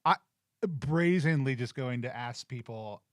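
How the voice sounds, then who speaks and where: A man's voice: mid-range voice, a little slow, no echo. A man in a tabletop game speaks as his character in a playful, hesitant way, full of ums. The recording is dry and close. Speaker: player.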